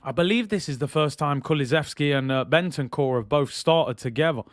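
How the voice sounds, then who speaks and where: Brief: man streaming a football watch-along, casual and slangy, slightly high voice, clear, dry close-mic sound. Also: brisk. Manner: chatty, slangy, reads out chat messages. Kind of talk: casual live commentary.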